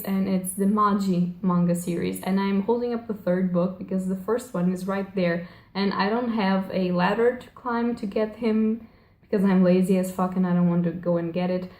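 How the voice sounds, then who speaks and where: A woman's voice: medium pitch, a little mellow. A young woman chatting casually as a book vlogger, gushing and rambling, often correcting herself and filling with "um" and "like". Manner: rambling, gushing, self-correcting, frequent fillers. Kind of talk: casual chat. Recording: echoey room.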